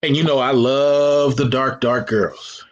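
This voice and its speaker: A man runs a live call-in show on lo-fi sound, reading chat comments and giving blunt, preachy dating advice. He talks slowly in a mid-range voice with fairly even intonation, using casual slang and frequent restarts.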